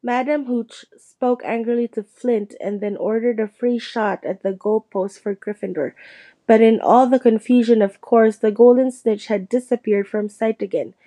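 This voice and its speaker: A woman narrating a storybook, reading it aloud and lifting her voice for the characters' lines. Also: moderate pace. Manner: lively, shifts pitch for quoted characters. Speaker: audiobook reader.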